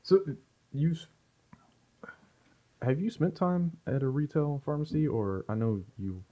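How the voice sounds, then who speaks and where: Laughing podcast host. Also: male voice, on the high side, measured pace. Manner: jokey, laughing often, animated. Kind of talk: casual podcast chat. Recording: dull lo-fi podcast audio.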